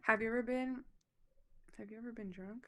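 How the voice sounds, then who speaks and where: A woman's voice: a little high, fairly even intonation, fairly quick. A woman on a casual video chat, reacting to a story with laughs and teasing questions.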